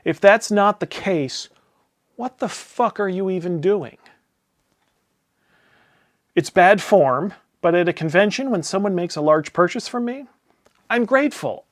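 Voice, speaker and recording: A man delivering a casual, profane rant, exasperated and sarcastic, with big swings between loud outbursts and muttered asides. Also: high-pitched, expressive, unhurried, long pauses, no echo, clean studio sound. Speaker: tabletop game publisher ranting.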